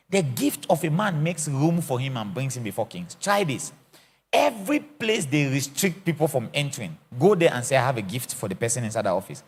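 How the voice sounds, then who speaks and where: A man's voice: medium pitch, breathy edge. A middle-aged man from Africa, an apostle teaching a church session in a theatrical, joking way. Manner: animated, theatrical, acts out scenes and jokes. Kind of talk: lively teaching sermon.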